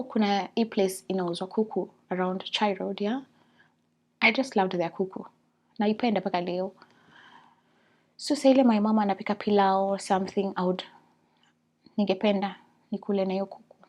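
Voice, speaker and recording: Animated Kenyan woman telling a story. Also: medium pitch. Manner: animated, mixes English and Swahili. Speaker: vlogger. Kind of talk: casual storytelling.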